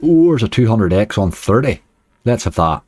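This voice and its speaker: A Northern Irish man streams casino games live, chatting away to his viewers and grumbling at the near misses. His voice sits low and mellow, with a dry, close sound. Faint game music plays behind him. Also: big pitch swings, moderate pace, no room sound. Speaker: slots streamer.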